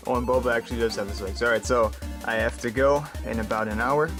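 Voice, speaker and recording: A man's voice: mid-range voice, fairly even intonation, fairly quick, few pauses, music in the background. Rambling, joking young man vlogger. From United States. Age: young adult. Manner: jokey, rambling, many fillers. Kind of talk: rambling casual vlog. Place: home room.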